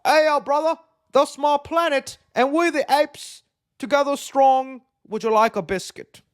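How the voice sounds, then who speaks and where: Brash male British ape, boastful and goofy, as a man puts him on, pitched well above his own voice. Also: a little slow. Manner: mock accent, goofy bravado.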